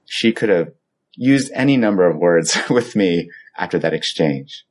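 A pastor with a low voice preaches at a measured pace, telling his sermon like a conversational story. He acts out the quoted exchanges and grows animated whenever he quotes himself.

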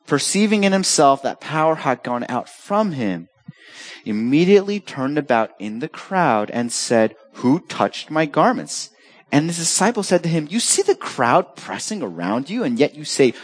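Delivering his sermon, a middle-aged pastor stays animated, moving back and forth between urgent peaks and quiet, low asides.

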